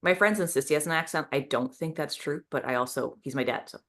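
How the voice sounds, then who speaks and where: Low-voiced chatty woman. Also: quick pace, a bit bright. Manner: chatty, many restarts and acted-out quotes. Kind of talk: casual chat.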